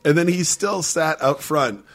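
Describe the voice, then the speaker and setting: Animated, swearing man telling a story. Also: on the high side, unhurried, gravelly. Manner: animated, profane, laughing often. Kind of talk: casual storytelling chat.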